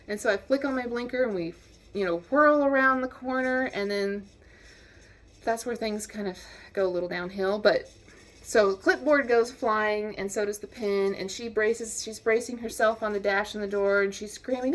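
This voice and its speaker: A woman casually telling a personal anecdote in a lively, wry way, acting out the lines of the people in it. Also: medium pitch, moderate pace. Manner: lively, wry, acts out quotes. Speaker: storyteller.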